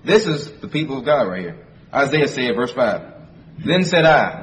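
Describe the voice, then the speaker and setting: A man's voice: fairly high pitch, brisk. A man delivers a sermon, reading scripture and explaining it in a plain, conversational way. He leans on repeated phrases for emphasis. The mic sits far from him, and a faint background hiss runs underneath. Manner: reads scripture in King James wording, then explains it conversationally. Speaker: preacher.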